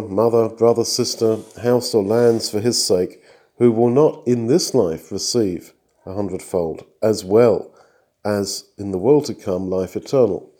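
Measured, mellow-voiced male preacher. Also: mid-range voice. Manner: earnest, measured, reads long scripture passages aloud. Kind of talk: sermon with scripture reading.

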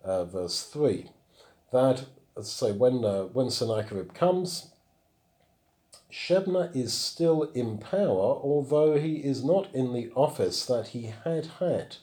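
A man with a warm, mellow voice, working through scripture as a Bible teacher. He reads passages aloud, then stops to explain and comment on them. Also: medium pitch, animated, slow pace.

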